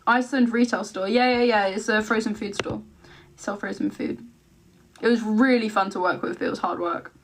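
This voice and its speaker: A chatty, giggly English woman in her twenties from the east of England hosts a casual live stream, answering viewer comments with quick asides. Her voice sits in the mid range with fairly even intonation.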